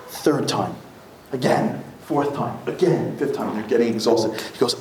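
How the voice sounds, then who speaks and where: A man giving a live lecture that tells a story, building to high, emphatic peaks. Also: fairly quick. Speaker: motivational speaker. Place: synagogue lecture hall. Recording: echoey hall with faint room ambience.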